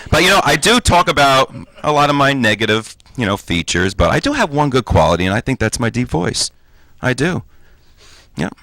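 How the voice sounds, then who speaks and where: A man's voice: mid-range voice, sing-song, brisk, sharp tone, dry recording. A comedian in his forties from New Jersey doing a campy, self-deprecating stand-up set as a talk show guest. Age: 40s.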